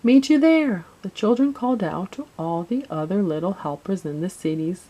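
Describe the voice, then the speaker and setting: Woman reading a kids christmas story, lowish voice, gentle storybook telling. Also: lively intonation, moderate pace, lo-fi sound. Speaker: narrator.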